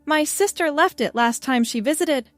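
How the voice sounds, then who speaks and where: Brief: woman as teasing young female roommate, light and a bit higher, storybook read. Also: normal speed, no echo, soft background music, lightly acted. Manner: playful, amused.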